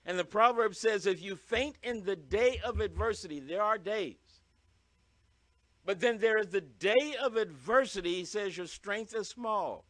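A man preaching a sermon in an emphatic, repetitive style, punching single words with sudden loud stresses. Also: sits high, measured pace, no room sound.

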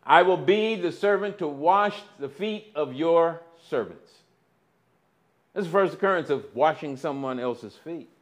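A man preaching a sermon, slow and deliberate, with dramatic swings between loud emphasis and near-quiet. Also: a little high, lively intonation.

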